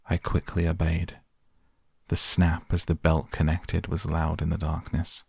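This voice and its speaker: A man narrating a story in a measured, even way, reading an audiobook. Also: extremely low pitch, creaky, slightly rough, no room sound, clean studio sound.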